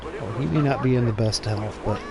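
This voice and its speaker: A man's voice: medium pitch, brisk, vocal fry, a loud crowd. A man giving casual gameplay commentary for his channel, rambling and profane, often chuckling. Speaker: gaming channel host.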